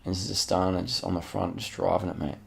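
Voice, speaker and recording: Gravelly, deep man commentating. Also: fast, a little hiss or hum. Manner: excited, repetitive, swearing, slangy. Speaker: channel host. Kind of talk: casual commentary over race footage.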